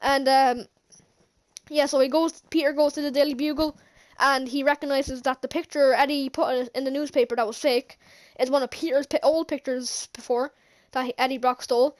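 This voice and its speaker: A woman with a high voice recaps a movie at a normal speed, her intonation fairly even. She's a movie reviewer who rambles casually, giggles often, and keeps restarting her sentences.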